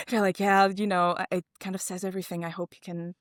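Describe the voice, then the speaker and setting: A woman co-hosting a casual chat, telling a story with lively acted-out dialogue. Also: fast talker, no echo, studio quality. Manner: animated storytelling, acting out dialogue with big pitch jumps. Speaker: podcast co-host.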